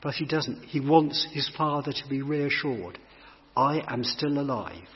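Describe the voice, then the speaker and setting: A man's voice: mid-range voice, a little slow. A man giving a sermon, reading scripture aloud and then reflecting on it in a thoughtful, explanatory way. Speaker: preacher. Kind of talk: sermon explaining a Bible passage. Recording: long hall reverb, dull lo-fi sound.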